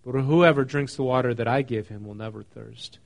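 A man preaching in a relaxed, conversational way. He reads a passage, then talks it through, often asking his listeners questions. His voice sits at a middle pitch. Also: fairly quick, gravelly. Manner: conversational, asks the congregation questions; reads scripture then explains it casually. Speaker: pastor. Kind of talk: sermon.

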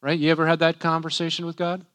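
A man's voice: fairly high pitch, monotone, fast talker, fairly bright tone, smooth. A man, a pastor, preaching a sermon in a conversational way, often tagging rhetorical questions.

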